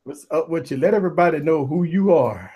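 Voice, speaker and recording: A man hosting a live tech talk stream, giving loud shout-outs to viewers and panelists in casual, hyped chat. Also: a little high, a little fast, breathy edge. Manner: hype, repetitive shout-outs, animated. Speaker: livestream tech show host.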